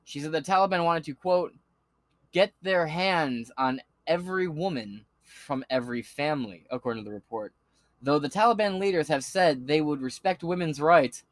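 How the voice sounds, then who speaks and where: Guy ranting over news stories, swears a lot, slightly high voice, dead dry sound. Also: normal speed, dry recording. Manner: sarcastic, swears often, shouts in bursts. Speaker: podcast host. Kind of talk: profane political commentary.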